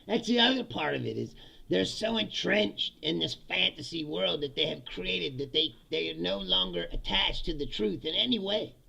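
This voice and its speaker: A man's voice: sits high, expressive, moderate pace, vocal fry, bright, forceful tone, breathy edge. A man delivering a profane, sarcastic political comedy rant, laughing between lines. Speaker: political commentator.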